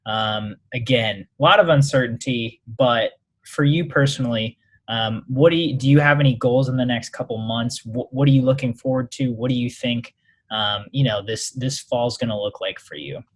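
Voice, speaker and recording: A man hosting a podcast, asking relaxed questions with some hesitation. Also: medium pitch, moderate pace. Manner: relaxed, hesitant, with fillers and restarts. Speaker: podcast host. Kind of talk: interview questions.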